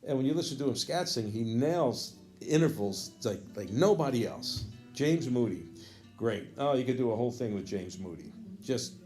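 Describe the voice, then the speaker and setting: Mellow-voiced man telling a jazz story. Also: medium pitch, expressive, normal speed, faint music behind. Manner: rambling, loses his thread and restarts with fond asides. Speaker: jazz educator. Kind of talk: casual storytelling.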